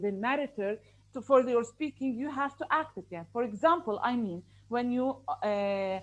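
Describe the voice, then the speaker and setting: A woman's voice: on the high side, rough recording. A woman teacher explaining a speaking assignment to her class and checking in with them often. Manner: repetitive, checking in with "okay?". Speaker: English teacher. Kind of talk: online class instruction.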